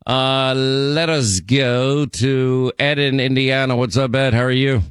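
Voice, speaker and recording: A man's voice: mid-range voice, fairly even intonation, slow, clean tone, no echo, studio quality. A man hosting a call-in radio show, chatting with callers and rambling through personal stories. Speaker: radio talk show host.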